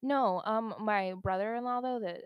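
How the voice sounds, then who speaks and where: A woman's voice: on the high side, normal speed, clean tone, dry recording, dull audio. Chatty woman co-hosting a podcast. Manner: chatty storyteller, many fillers. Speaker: podcast co-host. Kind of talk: casual chat.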